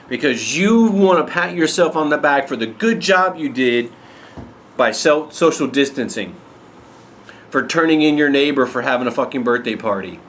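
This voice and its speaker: A man's voice: on the high side, a bit bright, slight background noise. A man ranting angrily and bluntly to camera, swearing heavily as he talks to his viewers. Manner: angry, blunt, heavy swearing. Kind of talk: angry profane rant to camera.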